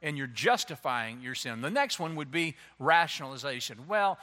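A man preaching a sermon as a pastor, animated and slipping into playful voices to act out excuses. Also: mid-range voice, normal speed. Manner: animated, acts out quoted excuses in changing voices.

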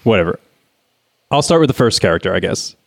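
A man's voice: fairly low pitch, very animated, a little fast, creaky, no echo. A man reading stage directions in a dry, reluctant, weary way during a comedic script reading. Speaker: co-host, reader.

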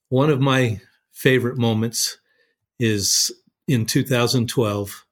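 Man, plainspoken, folksy, medium pitch. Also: slow pace. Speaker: welding instructor and pastor. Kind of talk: casual conversation.

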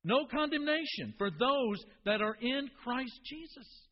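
A man's voice: very high-pitched, animated, a little slow. A man preaching a sermon as a pastor, talking to the congregation in an emphatic, conversational way. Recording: dull reverberant hall recording.

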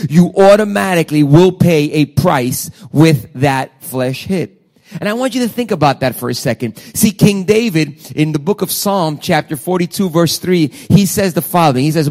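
Male pastor, slightly high pitch, preaching with dramatic emphasis and direct questions to the congregation. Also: darkish tone. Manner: preaching with dramatic shifts, quoting scripture emphatically. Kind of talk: sermon.

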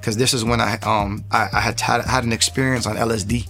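A young man giving his testimony as a podcast guest, telling his past in a casual, animated way that rises when he relives key moments. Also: fairly low pitch, a little fast, faint music behind.

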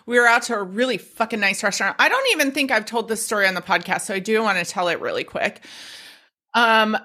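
A woman hosting a podcast, telling a story in a casual, profane, animated way and acting out the quotes. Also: medium pitch, quick pace. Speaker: podcast host.

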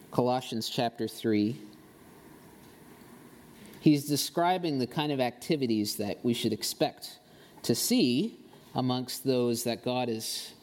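In a church sanctuary, a man with a mid-range, slightly mellow voice preaches a sermon as the church's pastor. He reads scripture, leads a prayer, and talks conversationally with playful asides.

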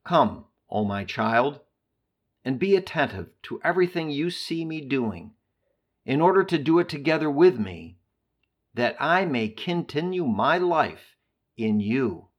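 A man's voice: mid-range voice, sing-song, a little slow, highs cut off. A man reading the words of Jesus in a tender, solemn devotional tone. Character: gentle, loving male Jesus praying.

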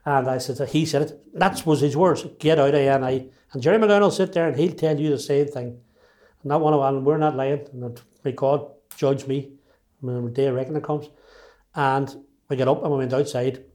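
A man in his sixties with a Derry accent talks in a mellow, darkish voice at a middling pitch. He speaks emphatically, often restarting his sentences as he tells his own story. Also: normal speed. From Northern Ireland. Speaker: interviewee. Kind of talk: personal storytelling.

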